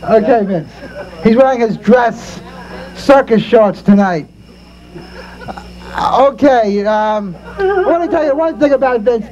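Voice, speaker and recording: High-voiced man emceeing a backyard talent show. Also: animated, takes it slowly, long pauses, darkish tone, lo-fi sound. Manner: joking, ribbing the performers. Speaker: host and emcee. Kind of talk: introducing talent show acts. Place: backyard party outdoors.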